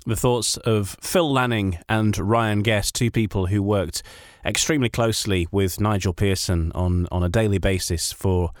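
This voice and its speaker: A man hosting a podcast, asking guests questions with some hesitation and fillers, then presenting in a measured way. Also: fairly low pitch, steady tone, no echo, studio quality. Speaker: podcast host.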